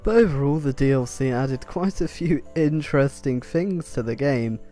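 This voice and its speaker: A man's voice: mid-range voice, moderate pace, mellow, soft background music. A man giving sarcastic, swear-laden commentary over a strategy game he is playing. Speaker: gaming YouTuber. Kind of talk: let's play commentary.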